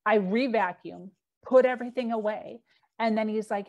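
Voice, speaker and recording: A woman's voice: a little high, moderate pace. A middle-aged woman, a podcast guest, candidly telling her own story with frequent fillers and acted-out quotes.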